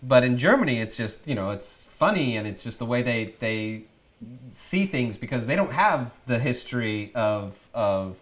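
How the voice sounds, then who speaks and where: A man from Texas, working as a film actor, chats casually with animated storytelling. He laughs often as he talks. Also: mid-range voice, moderate pace. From Texas, USA. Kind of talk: casual chat.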